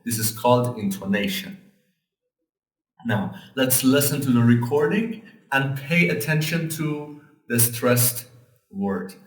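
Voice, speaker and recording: A man's voice: mid-range voice, slow, pauses often, slight background noise. English teacher man in an echoey room. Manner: patient, explains step by step. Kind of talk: casual lesson explanation. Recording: echoey room, mic at a distance.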